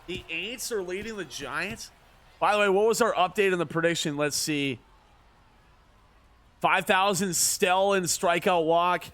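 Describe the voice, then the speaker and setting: A man's voice: high voice, measured pace, a bit bright. A man streaming a baseball video game, joking and ribbing his chat in casual commentary. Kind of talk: casual livestream gaming commentary.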